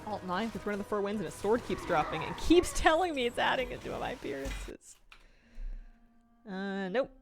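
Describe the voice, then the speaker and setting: A woman's voice: medium pitch, lively intonation, normal speed, music in the background. Giggly young woman streaming a game. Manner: chatty, giggly, answers chat. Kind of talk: casual gaming stream chat.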